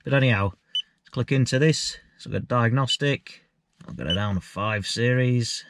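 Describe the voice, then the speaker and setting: A car enthusiast vlogger with a medium-pitched, slightly bright voice speaks at a normal speed with no echo. He gives a casual, candid explanation, chatting directly to his viewers.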